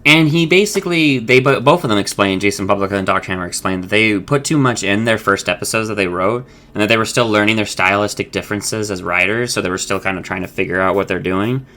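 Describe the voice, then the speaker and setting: A man's voice: lowish voice, fast talker, hardly any pauses, bright, forceful tone. A young man hosting his own channel, giving a casual, rambling episode recap with frequent swearing and self-corrections. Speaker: host of an episode discussion channel.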